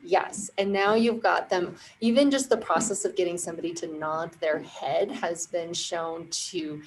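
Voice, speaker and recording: A woman who founded a marketing firm, a podcast guest explaining ideas in clear, confident steps. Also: on the low side, fairly even intonation, unhurried, a little hiss or hum, rough recording. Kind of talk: casual interview explanation.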